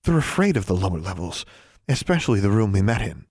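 A man's voice: lowish voice, very animated, fast talker, darkish tone, dry recording, clean studio sound. A man reading an audiobook voices a blunt schoolgirl witch who scolds her friend. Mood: scolding.

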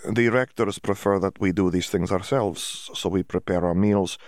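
A man's voice: deep voice, steady tone, normal speed, no room sound, studio quality, close to an everyday voice. A man doing a stammering young foreign wizard. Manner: stammering, broken English, searches for words. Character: young foreign wizard student, cheerful and halting.

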